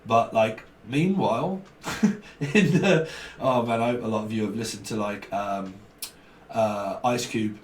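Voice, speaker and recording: With a fairly low, unhurried voice, this British tarot reader wanders casually through his reading, cracking jokes and laughing frequently. Slang and mock voices keep creeping in. Sound comes from a distant mic in an echoing room, with faint noise underneath.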